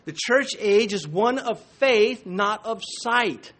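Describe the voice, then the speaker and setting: A man's voice: sits high, expressive, slow, fairly bright tone. A man preaching a sermon from the pulpit, emphatic and full of rhetorical questions. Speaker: pastor.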